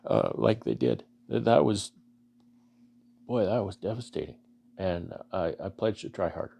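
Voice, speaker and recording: Brief: low, gravelly Canadian man, beekeeper vlogger, earnest and halting, a little choked up. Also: expressive. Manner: halting, many restarts and fillers, earnest. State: emotional, choking up. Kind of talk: casual heartfelt talk to camera.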